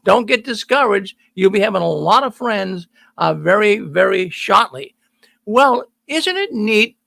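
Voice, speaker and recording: Folksy middle-aged host, high and bright, gravelly edge, dry close mic, stresses every point. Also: male voice, expressive, unhurried, dry recording. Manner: folksy, emphatic, repeats words for stress. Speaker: call-in show host. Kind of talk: energetic monologue to viewers. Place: studio.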